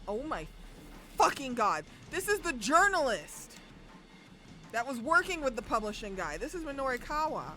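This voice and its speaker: Excitable woman streamer, bright voice. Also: high voice, moderate pace, faint music behind. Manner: loud, excitable outbursts and swearing between calm narration. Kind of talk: reading a visual novel aloud with live reactions.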